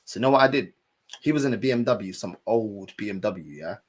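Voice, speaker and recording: A young man, a streamer telling a story in an animated, slangy way and swearing now and then. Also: on the low side, a little fast, breathy edge. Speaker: streamer and fan channel host. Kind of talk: casual storytelling chat.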